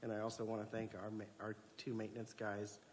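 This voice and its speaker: A man's voice: on the low side, monotone, a little fast, long reverb tail, a little hiss or hum. A man serving as county commissioner, talking conversationally at a public meeting and often repeating words as he starts. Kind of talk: casual talk at a public meeting.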